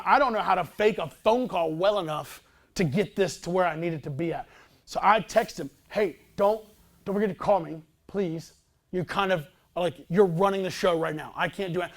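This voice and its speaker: A man in his thirties, a pastor telling a personal story in a sermon, talking in a casual, chatty, self-deprecating way. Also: sits high.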